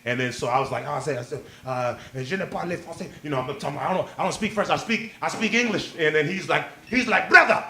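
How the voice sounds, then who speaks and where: A man doing stand-up, telling a story in an animated way, acting out other people's lines and laughing as he goes, on a club stage with a handheld mic. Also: on the high side, fast, few pauses, slight background noise. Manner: animated, acts out voices, laughs mid-line. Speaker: stand-up comedian. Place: comedy club stage with a live audience.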